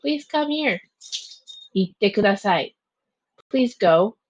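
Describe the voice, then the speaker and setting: A woman teacher giving a slow, clear recorded vocabulary review, pausing between each word and its translation. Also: mid-range voice, lively intonation, no room sound. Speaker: Japanese teacher. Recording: dull, muffled lo-fi sound.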